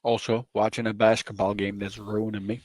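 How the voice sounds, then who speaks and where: Laid-back, low-voiced man on a headset. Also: level tone, a little fast, a little mellow. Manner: laid-back, terse, profane. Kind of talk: casual chat while betting on fights.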